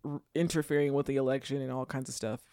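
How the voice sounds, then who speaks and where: A lively podcast co-host in casual political chat, joking around and breaking into laughter often. The voice sits at a middling pitch and sounds close and dry, with no room echo. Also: quick pace. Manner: jokey and animated, laughs often.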